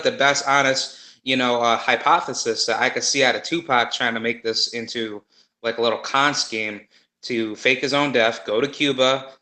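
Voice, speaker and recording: A man in casual conversation, rambling and animated with many fillers and restarts. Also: medium pitch, reverberant, poor audio. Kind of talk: casual conspiracy chat.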